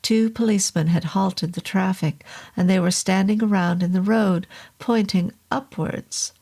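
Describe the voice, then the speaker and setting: A woman reads a horror novel aloud at a slow, deliberate pace. Her mid-pitched voice has a gravelly, vocal-fry texture. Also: fairly even intonation, warm tone. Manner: slow, measured reading. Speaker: narrator. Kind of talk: audiobook horror narration.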